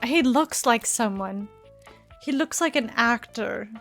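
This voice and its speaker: A woman's voice: a little high, animated, slow, fairly bright tone, soft background music. A young woman streaming a dating game, chatting, giggling and bantering back at the characters. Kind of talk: live game streaming commentary.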